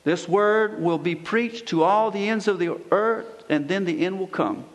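High-voiced preacher in echoing church. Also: male voice. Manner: preaching with repetition and emphatic pauses. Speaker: pastor. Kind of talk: sermon.

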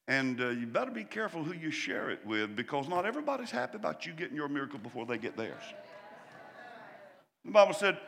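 A man preaching a sermon as pastor, impassioned and building to loud cries. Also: fairly high pitch, sing-song, fairly quick, gravelly, pauses often. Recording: long hall reverb.

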